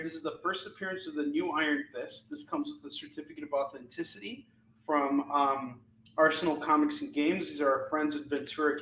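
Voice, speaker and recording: A man with a high, very bright, cutting voice hosts a live comic-selling stream, ranting in an animated way and laughing often. He sounds like he is in an echoey indoor room. A faint hum sits behind him. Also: recorded from a distance. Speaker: live shopping show host selling comics. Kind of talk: live-stream sales chat and rant.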